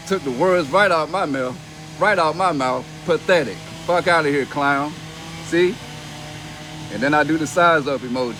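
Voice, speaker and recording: A man's voice: on the high side, a little slow, long pauses, music in the background. A young man on a casual livestream, reading comments aloud and mocking them in a brash, profane way, laughing between lines. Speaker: reality TV personality reading comments on a live stream.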